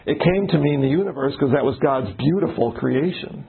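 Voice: medium pitch, expressive, fairly quick, vocal fry, husky, phone-quality sound. A Bible study leader explaining word meanings and putting questions to the group in a casual discussion.

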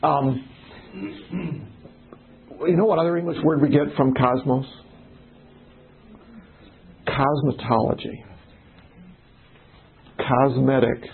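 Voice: mid-range voice, steady tone, takes it slowly, vocal fry, pauses often, narrow, tinny audio, slight background noise. A Bible study leader explaining word meanings and putting questions to the group in a casual discussion.

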